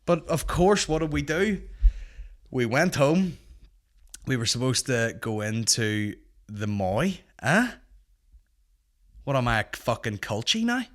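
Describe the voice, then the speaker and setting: A man's voice: medium pitch, a bit bright. A young Northern Irish man hosting a comedy podcast, telling a rambling, sweary anecdote in casual chat. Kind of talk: casual storytelling.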